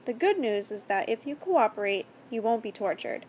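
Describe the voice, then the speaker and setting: A woman's voice: a little high, normal speed, a little hiss or hum. A woman reading a story aloud and voicing a mocking, menacing male captor with a sticky, falsely kind manner. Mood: calmly threatening. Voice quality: sticky-sweet mock kindness. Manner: taunting, calm, controlling.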